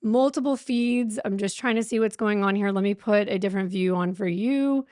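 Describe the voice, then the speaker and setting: A young woman hosts a livestream from home, talking fast and shakily, her nerves plain in each sigh. Her voice sits mid-pitch and sounds close and dry, with no room around it. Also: darkish tone, no room sound. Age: young adult. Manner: jittery and anxious, breathless, sighing. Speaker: true crime livestream host. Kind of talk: nervous casual livestream chat. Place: home streaming setup with a fan running.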